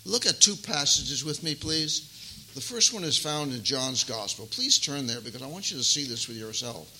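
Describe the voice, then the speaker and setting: An older man preaching a sermon as pastor, emphatic and folksy, swinging between loud stresses and soft asides. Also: mid-range voice, expressive, moderate pace, a little hiss or hum, low-quality recording. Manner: addresses listeners as beloved, folksy asides.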